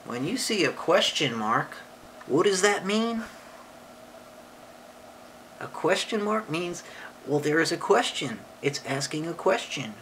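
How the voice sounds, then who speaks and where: A woman's voice: low voice, slight background noise, rough recording. A woman reading a picture book aloud to a child, stopping to ask questions. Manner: slow, lively storytelling with questions to the child.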